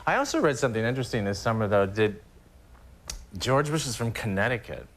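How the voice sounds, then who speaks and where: A man, a comedian guest on a talk show, telling animated stories and slipping into voices. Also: medium pitch, a little fast. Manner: animated storytelling, slips into voices. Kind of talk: late-night talk show chat.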